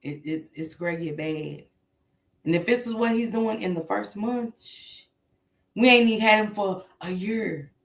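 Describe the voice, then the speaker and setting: A woman's voice: mid-range voice, unhurried, reverberant. A woman hosting a casual morning commentary show, talking bluntly and emphatically with plenty of swearing.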